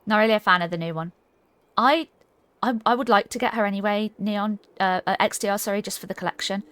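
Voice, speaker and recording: A woman's voice: medium pitch, fast, fairly bright tone, clear, resonant tone, no room sound. A woman streaming a game, chatting casually and giggling while she reads chat aloud.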